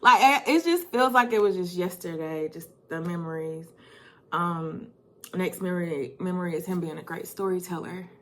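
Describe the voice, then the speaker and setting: Animated woman sharing fond memories. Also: fairly low pitch, normal speed. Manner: animated, laughing while reminiscing. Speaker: vlogger. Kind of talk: personal storytelling vlog.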